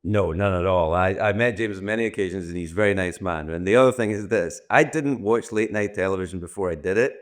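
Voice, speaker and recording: A man's voice: low-pitched, fast talker, hardly any pauses. A Scottish man in his sixties, a podcast guest who answers in rambling, self-deprecating stretches and restarts his sentences often. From Scotland. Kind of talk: podcast interview.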